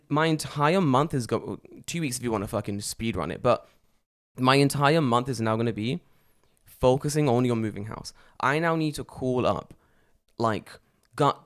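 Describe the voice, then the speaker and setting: A man in his thirties co-hosting a casual podcast. His voice sits in an ordinary middle pitch. He spins stories animatedly, acting out both sides of phone calls and swearing freely. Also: a bit bright. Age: 30s. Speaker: podcast co-host. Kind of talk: casual chat. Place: living in Japan.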